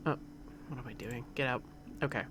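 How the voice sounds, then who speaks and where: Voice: medium pitch, brisk, noisy background. Chatty streamer making joking asides. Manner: chatty, joking asides, reads item text aloud. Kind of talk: casual game commentary.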